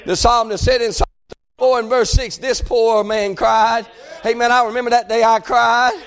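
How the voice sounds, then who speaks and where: High-pitched shouting preacher man. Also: little pitch movement. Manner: chanting, shouting preacher cadence with drawn-out phrases. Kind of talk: fiery revival sermon.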